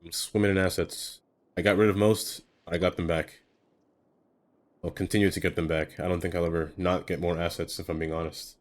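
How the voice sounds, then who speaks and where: A man's voice: sits low, level tone, a little fast. A man streaming live, chatting casually to himself as he builds in a game, rambling and trailing off into fillers.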